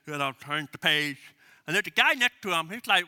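A man preaching a sermon with a high, very bright and forceful voice. He is emphatic and hammers key phrases over and over. He leads the congregation in call-and-response. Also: expressive, fairly quick, smooth. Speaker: pastor.

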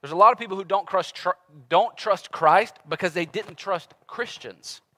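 A man in his thirties preaching a conversational sermon as a pastor, animated and acting out everyday voices. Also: high voice, normal speed. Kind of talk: casual sermon.

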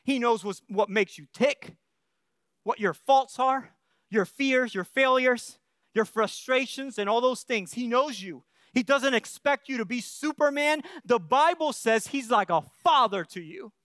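Brief: male pastor preaching, very high smooth voice, earnest and conversational, dry close recording. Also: unhurried, fairly bright tone, dry recording. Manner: earnest, keeps checking in with the congregation, frequent restarts. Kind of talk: sermon.

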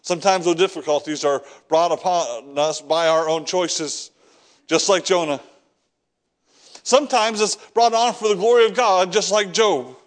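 A man's voice: sits high, unhurried. A man preaching a sermon, reading scripture and acting out the prophet's prayers, repeating words as he builds each point. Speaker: pastor.

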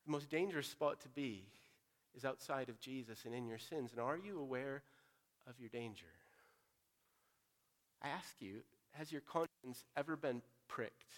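In a mid-range voice and at a moderate pace, a male pastor preaches an earnest, direct sermon. He moves between loud urging and quiet, pressing appeals.

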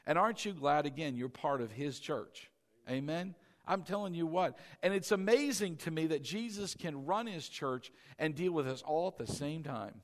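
A male pastor with a fairly high, lively voice preaches at a moderate pace, leading the congregation in call-and-response as they repeat a prayer and answer back. The church hall gives the recording a long reverb.

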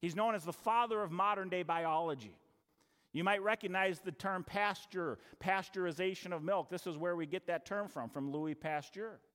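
A male pastor preaching a sermon, telling a story with acted-out dialogue and dramatic pauses. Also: sits high, fairly bright tone. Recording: long hall reverb.

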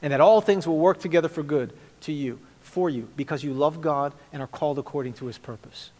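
A man preaching a sermon as pastor, earnest, then dropping to a quiet prayer. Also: fairly high pitch, brisk, big-room sound. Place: church sanctuary.

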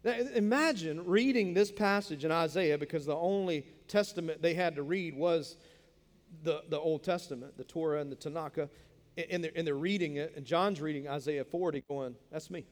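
A man with a voice on the high side preaches a sermon at a moderate pace, keeping it casual and conversational. He jokes with his listeners and often repeats words as he explains things. Long reverb from a large hall surrounds his voice.

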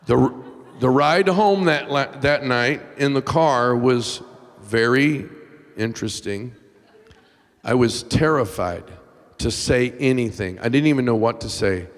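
A middle-aged man preaching in a large church hall, his voice trailing off into a long reverb. He tells his story with raw emotion, sinking to near-whispers and then climbing to shouts. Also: mid-range voice, a little slow. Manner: emotional, swings from hushed to shouting. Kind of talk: sermon storytelling.

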